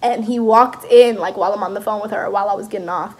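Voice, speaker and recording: A young woman, chatting through a storytime vlog in a lively, animated way. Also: mid-range voice, fast talker. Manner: chatty, animated retelling with laughs. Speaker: vlogger.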